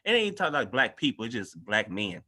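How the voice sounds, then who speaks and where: A man hosts a casual podcast discussion. His voice sits fairly low but rings bright and forward. He talks in a loose, earnest, conversational way. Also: big pitch swings, a little fast. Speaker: guest host.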